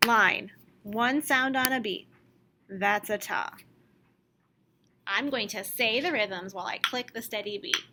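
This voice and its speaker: A woman teaching a recorded music lesson to young children, explaining slowly and clearly and chanting rhythm syllables for them to copy. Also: medium pitch, noisy background.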